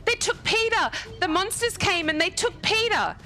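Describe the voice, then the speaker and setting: A woman voicing a panicked eleven-year-old girl in a tabletop game, crying out frantically in a shrill voice. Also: lively intonation, normal speed, bright, forceful tone, a little hiss or hum, heavily acted. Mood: frantic.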